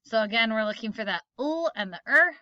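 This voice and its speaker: A woman teacher recording a phonics lesson, explaining patiently and slowly with example words. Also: on the high side, expressive, pushed and bright, no room sound, muffled recording.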